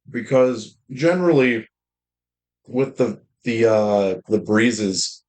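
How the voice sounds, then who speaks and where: A man streaming games in casual chat, talking in a deep, slightly loud voice and rambling with lots of fillers and restarts. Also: rough recording. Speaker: game streamer.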